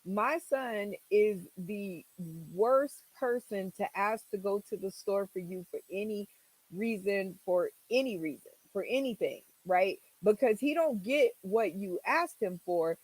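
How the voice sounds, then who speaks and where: A woman's voice: medium pitch, measured pace, rough recording. Chatty woman hosting a livestream. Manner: chatty, exasperated storytelling. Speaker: livestream host. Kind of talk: casual livestream chat.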